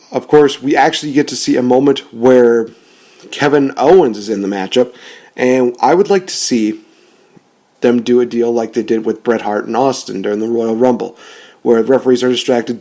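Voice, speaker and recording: A man's voice: medium pitch, brisk, dark tone. A man giving casual, rambling commentary on rebooking wrestling storylines, often correcting himself.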